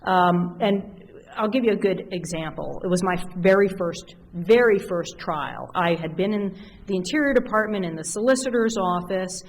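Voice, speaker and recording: A middle-aged woman giving a conference keynote in a loose, conversational way, full of fillers and lively retold stories. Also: mid-range voice, moderate pace, a little hiss or hum, rough recording. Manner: conversational, animated storytelling with fillers. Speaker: keynote speaker. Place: conference hall.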